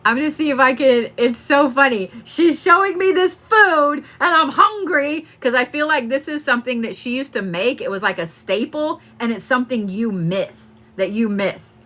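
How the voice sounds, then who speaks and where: A woman's voice: high voice, expressive, moderate pace, hardly any pauses, pushed and bright. A young woman giving a casual psychic reading, laughing often and swearing freely. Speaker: psychic medium. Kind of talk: live-stream reading.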